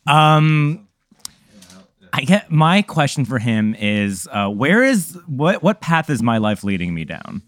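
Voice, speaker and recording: A man guesting on a comedy podcast, going along with a made-up scenario in short, deadpan replies. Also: mid-range voice, takes it slowly, no room sound. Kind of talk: casual comedy chat.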